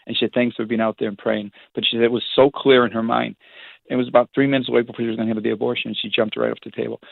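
A man, a priest, telling stories in a rambling, animated way with many restarts, heard over a phone line. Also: medium pitch, rapid-fire, gravelly, no room sound. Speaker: priest, guest. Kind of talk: casual storytelling on a phone-in show. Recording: tinny phone line, dry.

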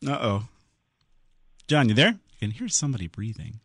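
A man hosting a call-in radio show about computers, chatty and quick to laugh. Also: no echo, clean studio sound. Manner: chatty, laughs often, lively pitch swings.

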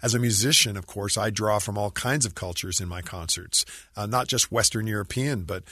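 A man's voice: lowish voice, a little fast, bright, forceful tone, husky, dry recording. A man, a musician guest, talking in an earnest, reflective, friendly way in a casual interview.

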